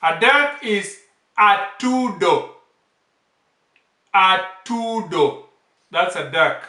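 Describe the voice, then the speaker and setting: A man teaching bird names, saying each word slowly and repeating it several times. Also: high-pitched, animated, bright, forceful tone. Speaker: language teacher. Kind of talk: slow vocabulary lesson, repeating each word. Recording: echoey room, off-mic.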